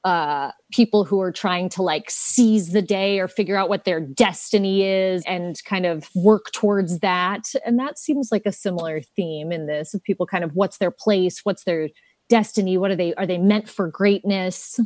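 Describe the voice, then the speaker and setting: A woman's voice: on the low side, moderate pace, a little mellow, dry recording. A woman actress chatting as an interview guest, playful and laughing often. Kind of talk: casual interview chat.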